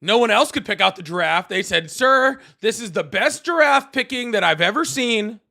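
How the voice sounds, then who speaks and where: A man's voice: sits high, expressive, moderate pace, creaky, bright, forceful tone, heavily acted. A man doing an impression of a boastful, rambling older male president. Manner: bragging, repetitive, self-praising.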